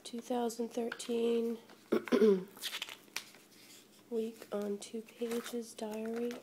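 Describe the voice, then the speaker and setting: A woman's voice: a little high, extremely slow, background noise. Gushing woman unboxing on her phone. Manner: gushing, breathless excitement with gasps. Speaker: vlogger. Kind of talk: casual unboxing chat. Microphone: phone held in hand.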